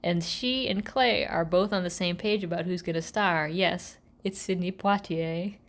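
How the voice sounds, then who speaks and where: A woman hosting a podcast, recapping episodes in a sarcastic, animated storytelling way and slipping into mock voices for the characters. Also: lowish voice, a little slow. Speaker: podcast host.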